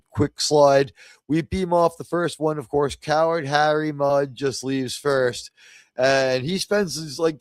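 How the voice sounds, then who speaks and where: A man's voice: mid-range voice, smooth, dry recording. Man, livestream host, rambling casual chat, dry close sound. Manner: rambling, many fillers and restarts. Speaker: podcast host.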